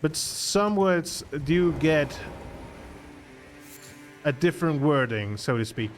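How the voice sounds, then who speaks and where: A man's voice: on the high side, expressive, slow pace, faint music behind. A man from the Canary Islands with a Spanish accent and Spanish as his native tongue, chatting casually in English while streaming a game and often restarting his words. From Canary Islands, Spain. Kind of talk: casual live gameplay chat.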